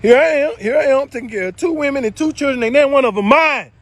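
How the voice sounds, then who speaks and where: A man casually telling viewers a story, animated and swearing freely, swinging between loud and low. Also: quick pace. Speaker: spiritual video creator.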